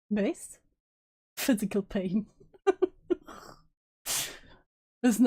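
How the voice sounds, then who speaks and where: A woman's voice: a little high, darkish tone. A woman streamer reacting to a clip in casual commentary, teasing and laughing, with free swearing.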